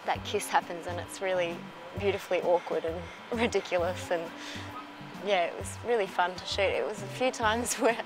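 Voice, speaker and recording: Actress reflecting on her role, laughing easily, with clear music under her. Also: mid-range voice, poor audio. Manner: thoughtful, warm, laughing often. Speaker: actor. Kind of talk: behind-the-scenes interview. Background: background music.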